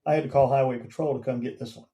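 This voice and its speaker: A man in his fifties with a mellow, warm tone tells his story on a podcast. His pitch sits in an ordinary middle range for a man. He speaks conversationally and now and then acts out what people said. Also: fairly even intonation, racing, low-quality recording. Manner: recounts events plainly, acting out quoted dialogue. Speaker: guest, veteran and former police officer.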